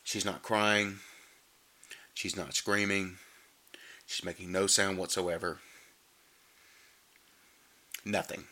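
Male comic reviewer, sarcastic and animated, bright forward tone. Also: slow, long pauses. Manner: sarcastic, animated, mocks the acting with squeaky imitations. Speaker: movie reviewer. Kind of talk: comedic movie recap.

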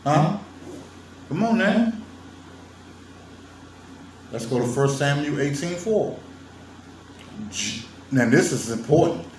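Slow-talking man in an echoey room. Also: on the high side, sing-song, a little mellow, slight background noise. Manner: emphatic, teasing, laughs often, addresses viewers directly. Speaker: vlogger lecturing on religion. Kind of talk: casual monologue to viewers. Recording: roomy sound from a distant mic with faint ambience.

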